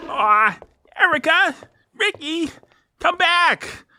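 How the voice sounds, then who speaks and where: Man acting as a hapless dad, high voice, bright tone, folksy jokes. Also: expressive, slow pace, heavily acted. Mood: cheery. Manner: jokey, folksy, laughing through it. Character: goofy, cheery, hapless dad. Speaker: father.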